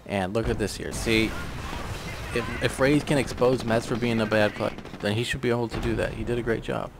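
A man's voice: mid-range voice, fairly even intonation, a little fast, creaky, background noise. A man giving rambling, sarcastic casual commentary on a strategy game, swearing offhandedly. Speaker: gameplay commentator.

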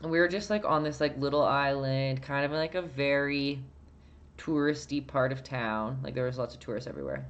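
A woman's voice: very deep voice, fairly quick, lo-fi sound. A Canadian woman with a Canadian accent teaching a casual live-stream painting lesson, chatty, answering viewer chat and laughing often. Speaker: painting instructor.

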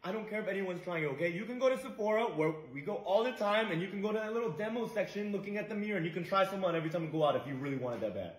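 A man's voice: sits high, expressive, rapid-fire, few pauses. A man playing an incredulous husband in a comedy clip, exasperated over a purchase. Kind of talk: comedy sketch. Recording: echoey room.

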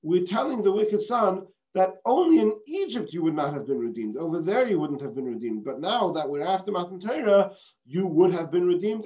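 A man with a high-pitched, warm voice teaches as a rabbi, reading a passage and then explaining the text. He uses rhetorical questions and Hebrew terms, and he restarts frequently.

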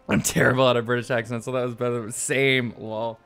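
A man's voice: mid-range voice, brisk, hardly any pauses, fairly bright tone, smooth. A man streaming a game, chatting casually with viewers and swearing now and then. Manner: chatty, swearing, talking to chat. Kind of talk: casual let's-play commentary. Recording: game music faintly behind.

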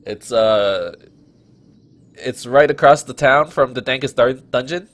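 A man's voice: mid-range voice, unhurried. A man casually commenting on a farming game, joking and laughing often as he plays. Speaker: gaming channel host. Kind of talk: let's play commentary.

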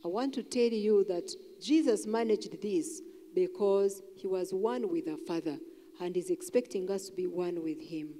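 A woman's voice: mid-range voice, normal speed, warm tone. A middle-aged woman elder preaching a sermon in a large church, earnest and repetitive, sometimes acting out people's inner voices. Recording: long church hall reverb.

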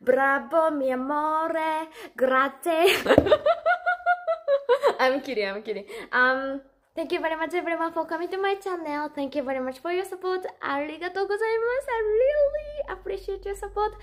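A woman streamer chats casually with her viewers. She sounds giggly and excitable, and her voice sits noticeably high. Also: a little fast. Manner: giggly and excitable, laughs often. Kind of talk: casual livestream chat.

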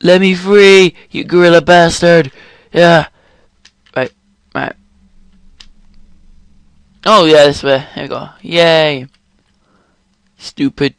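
Young guy yelling and cursing through a let's play, slow talker, dry close mic. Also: on the high side, smooth, dry recording. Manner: excitable, swears and exclaims often. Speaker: gaming channel host.

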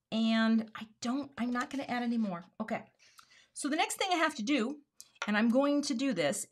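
A woman's voice: mid-range voice, bright, forceful tone, slight background noise. A woman hosting a casual live craft demo, talking herself through each step and murmuring asides under her breath. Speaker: card-making host.

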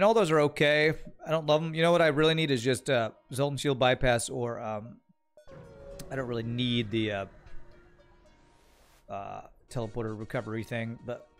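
Male streamer, casual rambling game commentary, mid-pitched, faint music underneath. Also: fairly even intonation, moderate pace. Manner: chatty, rambling, thinks aloud. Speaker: streamer playing a strategy game. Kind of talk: casual gameplay commentary, reading chat.

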